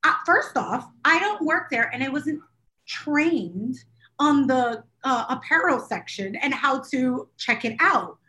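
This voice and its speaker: A woman co-hosting a podcast tells a rambling, self-deprecating story in casual chat. Her voice is high and bright, and her tone carries an exasperated edge as she talks things through. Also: lively intonation, slow. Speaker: podcast co-host.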